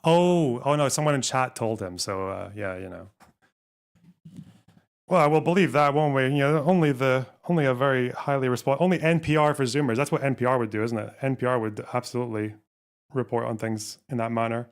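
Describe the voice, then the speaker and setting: A man's voice: medium pitch, a little fast, clean tone. A man streaming a live reaction, talking back at a video with profane, scornful sarcasm.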